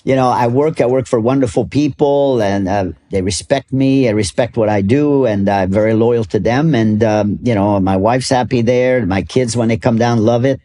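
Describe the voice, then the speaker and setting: A man's voice: mid-range voice, normal speed, hardly any pauses, mellow. Older man telling rambling golf stories. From Canada. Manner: rambling, laughs often, many restarts. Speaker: golf club ambassador. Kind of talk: storytelling interview.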